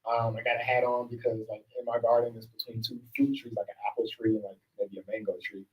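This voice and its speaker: A man with a mid-range voice and flat delivery leads a group workshop as a facilitator and self-help coach, speaking fast, casually and upbeat while often checking in with "all right?". He's far from the mic in a low-quality recording.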